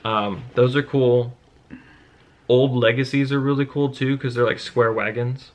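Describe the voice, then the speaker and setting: A man's voice: mid-range voice, steady tone, measured pace. Young guy joking around on his wife's vlog, laid-back, bit crude. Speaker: vlogger's husband. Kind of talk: casual chat.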